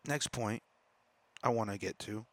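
A man hosting a solo podcast as a comedian, talking in a profane, rambling, animated monologue. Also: lowish voice, measured pace, no room sound. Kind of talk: casual monologue.

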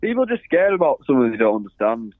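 A man's voice: medium pitch, very animated, racing, no echo. A man co-hosting a podcast in laid-back casual chat. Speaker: podcast co-host. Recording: tinny phone-like sound.

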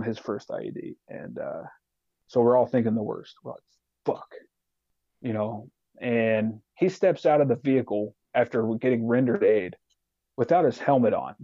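A man telling a profane, animated war story as a podcast guest. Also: medium pitch, no echo, dull audio. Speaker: podcast guest, retired soldier. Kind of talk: casual storytelling.

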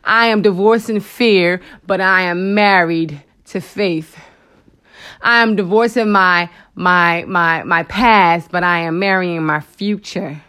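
A woman's voice: lowish voice, slow, clean tone. A woman hosting a Christian motivational talk, speaking emotionally and conversationally to her listeners, with asides and exclamations to the Lord. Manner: expressive, emotional, animated preaching with frequent asides; conversational, addresses listeners as girl and honey. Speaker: host of a faith talk show.

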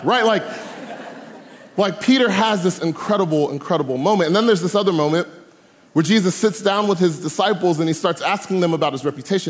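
A man speaking at a camp to a live audience, preaching a youth sermon with animated, humorous, slangy storytelling. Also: high-pitched, a little fast. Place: large room with live audience. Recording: long hall reverb.

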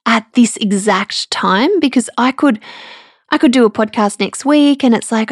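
A woman, hosting a personal podcast, speaking candidly and emotionally with halting restarts, close to tears. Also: a little high, animated, dry recording. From Australia. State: tearful. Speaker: podcast host.

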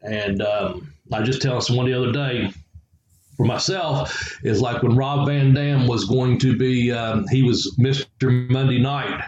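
A former wrestler from the Southern United States appears as a guest in a casual storytelling interview, rambling through tales full of chuckles and fillers. His medium-pitched voice is fairly even, a bit slow and mellow. The lo-fi recording has slight hiss or hum and an echoey room with faint ambience.

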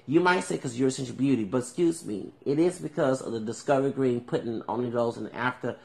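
Houston guy rambling on his podcast, gravelly voice, wanders off topic a lot. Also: medium pitch, quick pace, darkish tone. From Houston, Texas. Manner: digressive, repeats "okay?". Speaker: podcast host. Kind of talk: rambling monologue.

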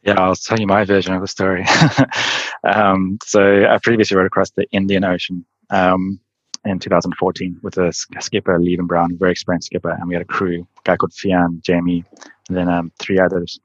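An endurance athlete guest on a casual interview, a man with a low voice and a totally flat delivery, rattles off adventure stories at a fast clip. He rambles, drops "like" constantly, and laughs often, all captured in a dry, lo-fi recording.

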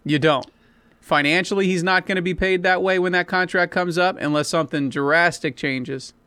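A man's voice: high voice, steady tone, normal speed, bright, forceful tone, clear, resonant tone, no room sound. A man co-hosting a sports talk show, making blunt, insistent points with casual swearing. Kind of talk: sports radio debate.

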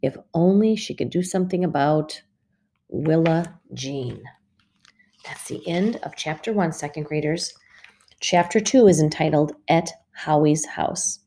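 A woman teacher reading a storybook aloud to a class of second graders, with clear, expressive pacing. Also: deep voice, unhurried.

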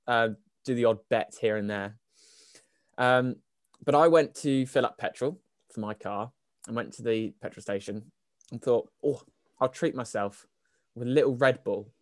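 A man's voice: medium pitch, no room sound, studio quality. A young man co-hosting a podcast, telling stories in casual chat, often laughing and swearing. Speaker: podcast co-host.

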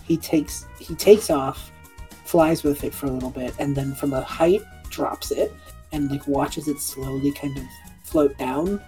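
Woman game master, low, mellow voice, casual narration peppered with "like". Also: unhurried, faint music behind. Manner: relaxed, casual, with many "like"s.

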